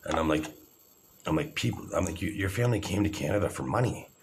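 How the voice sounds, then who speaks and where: Very deep-voiced agitated man. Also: lively intonation, fast talker, a little hiss or hum. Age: 40s. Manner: agitated, profane, rambling. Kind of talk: rambling monologue to camera.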